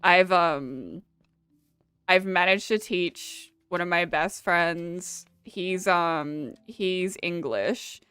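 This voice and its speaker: Drawing out her words in a fairly low, clear voice with a bright, resonant tone, this young Australian streamer chats casually with viewers while gaming. She laughs often and swears without restraint, and the audio has no echo.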